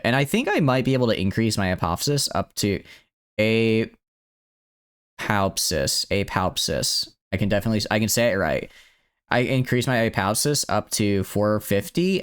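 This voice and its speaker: A man's voice: fairly low pitch, expressive, fast, smooth. A man streaming a video game in casual live commentary, thinking aloud and tripping over words as he restarts.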